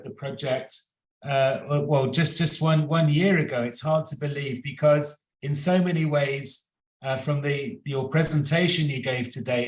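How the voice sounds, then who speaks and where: A man leading a project, giving a formal thank-you speech at an event, halting often and repeating his words. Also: on the high side. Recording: roomy echo.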